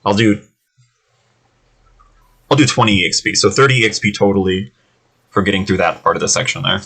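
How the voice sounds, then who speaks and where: A laid-back man hosting a tabletop game session as game master. His voice sits a little low but sounds bright and clear, and he talks loosely, with plenty of fillers and easy laughter. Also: fairly quick, rough recording. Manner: easygoing, laughing, filler-heavy. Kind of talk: casual tabletop game narration.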